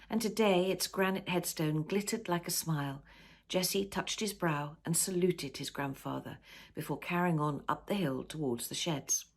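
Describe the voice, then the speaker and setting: Woman reading her own novel aloud. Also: on the low side. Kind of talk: storybook narration.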